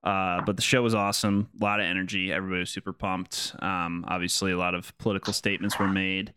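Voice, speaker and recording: Low, smooth-voiced man chatting with friends. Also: level tone, fast talker, pushed and bright, no room sound, clean studio sound. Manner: enthusiastic, laid-back storytelling. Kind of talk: casual chat.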